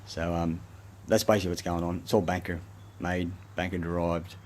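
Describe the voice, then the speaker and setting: A man with an Australian accent rants in a long, self-recorded monologue, swearing often and jumping from point to point. His voice sits very low, and a faint hiss runs underneath. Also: flat delivery, normal speed, darkish tone. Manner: profane, agitated, rambling ranting. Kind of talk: rambling monologue.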